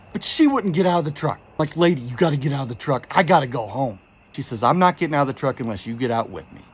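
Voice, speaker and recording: A man telling a creepy true story in a casual, animated way, quoting the people in it with exasperation. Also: medium pitch, husky. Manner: animated, exasperated retelling with quoted dialogue.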